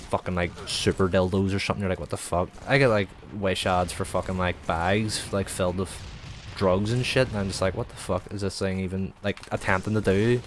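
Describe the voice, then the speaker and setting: A man's voice: low voice, a little hiss or hum. A young man streaming, chatting in a loose, rambling way, swearing freely and filling every gap with "like". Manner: sweary, rambling, heavy use of filler "like". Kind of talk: casual rambling chat.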